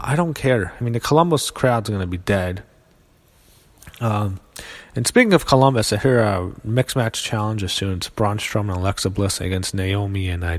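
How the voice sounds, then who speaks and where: A man with a fairly low voice talks through a show he is reviewing. He rants bluntly and swears freely, sounding exasperated and casual. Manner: blunt, profane, exasperated ranting.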